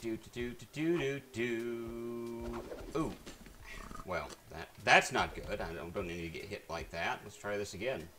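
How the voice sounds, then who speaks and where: A man's voice: lowish voice, measured pace, pushed and bright, slight background noise. A man streaming a video game, chatting to viewers in a rambling, casual way with lots of fillers and restarts. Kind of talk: casual gameplay commentary. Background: faint game music.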